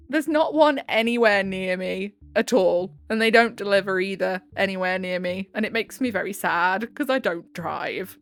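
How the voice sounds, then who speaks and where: A woman's voice: mid-range voice, normal speed. A woman at home giving a dramatic reading of online stories, acting out the dialogue and laughing often. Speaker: story narrator. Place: home room with window.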